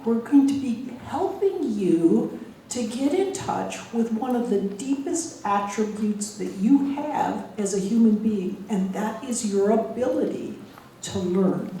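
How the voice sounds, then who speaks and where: Uma mulher americana, professora, dando uma palestra pública e contando histórias de forma animada, rindo das próprias piadas. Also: female voice, medium pitch, recorded from a distance, slight background noise. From United States. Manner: lively storytelling, laughs at own jokes. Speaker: guest lecturer, engineering professor. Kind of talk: public lecture with anecdotes. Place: large lecture hall. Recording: echoey hall, voice from afar.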